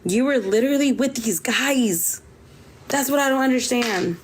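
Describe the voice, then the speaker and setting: A woman's voice: a little high, moderate pace, a little hiss or hum. A woman ranting bluntly in slang on a livestream. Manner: blunt, slangy, trash-talking. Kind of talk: livestream chat rant.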